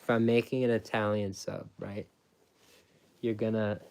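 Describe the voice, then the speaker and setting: A man's voice: on the low side, flat delivery, unhurried, a little mellow, a little hiss or hum. A man casually explaining how he makes sandwiches, with lots of repetition and restarts. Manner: repetitive, restarts often, emphatic; explains step by step. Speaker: former sandwich shop worker.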